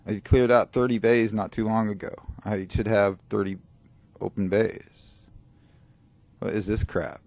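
A man's voice: fairly low pitch, fairly even intonation, unhurried, long pauses, a little mellow. Rambling, grumbling male gamer. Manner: digressive, grumbling, talks to viewers. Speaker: gaming video creator. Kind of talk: rambling gameplay commentary.

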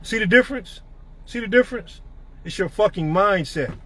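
A man's voice: sits high, expressive, normal speed, sharp tone. A middle-aged man giving a profane, emphatic motivational rant to his network marketing team.

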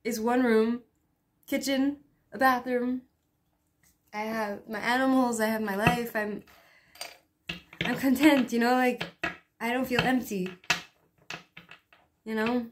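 A woman's voice: a little high, steady tone, takes it slowly, long pauses, slight background noise. A woman chatting casually to camera in her small home, peppering her talk with "you know" and light laughs. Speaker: vlogger. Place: small one-room home.

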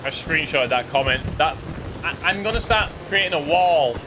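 Excitable British gamer with game noise behind. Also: male voice, fairly high pitch, moderate pace. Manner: joking, excitable, talks to his teammates. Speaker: gaming YouTuber. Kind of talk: casual gameplay commentary. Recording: game sounds clearly behind the voice.

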